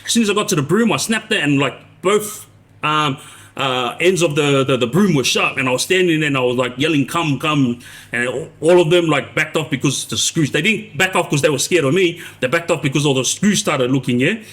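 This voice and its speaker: Man in his forties, live-stream storyteller, rambly, a touch high-pitched. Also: a little fast, fairly bright tone. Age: 40s. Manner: rambling, restarts, frequent tag "yeah?". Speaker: live streamer recounting prison life.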